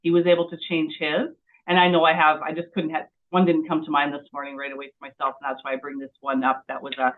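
A woman's voice: deep voice, flat delivery, fast talker. Hesitant woman host on a tinny call. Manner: rambling, hesitant, many fillers and restarts. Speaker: host of a daily mindset call. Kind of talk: casual talk on a live group call. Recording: tinny phone-like call audio.

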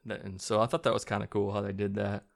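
Gravelly low-voiced man recapping a movie. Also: level tone, quick pace. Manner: rambling, chuckling, profane retelling with restarts. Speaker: movie reviewer.

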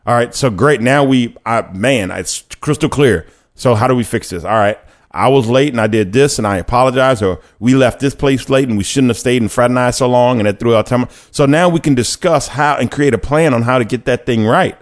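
A young man from Louisiana talks casually about dating in his own show. His voice sits at an ordinary pitch. He is chatty and self-correcting, slipping into quick put-on quotes as he goes. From Louisiana, United States. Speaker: host. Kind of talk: casual talk on dating and faith.

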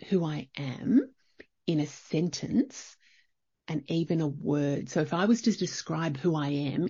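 A middle-aged woman talks through her thoughts in a chatty, reflective solo podcast, often circling back and restarting. Her voice sits a little low and has a husky edge. The recording is dry and slightly dull. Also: darkish tone, no room sound. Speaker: podcast host.

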